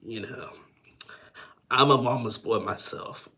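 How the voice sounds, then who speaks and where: A man's voice: mid-range voice, takes it slowly, bright, forceful tone, slightly rough. A man casually recapping a reality show episode, rambling with lots of fillers and restarts.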